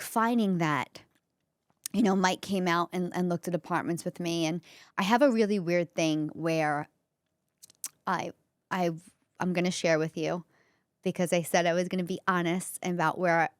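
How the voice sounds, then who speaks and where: Bronx-accented woman comic hosting solo, smooth clear voice, dry close sound, rambling candid storyteller. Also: fairly low pitch, no echo. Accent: New York (Bronx). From the Bronx, New York. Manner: chatty storytelling, many fillers. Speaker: comedian and podcast host. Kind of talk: candid solo podcast monologue.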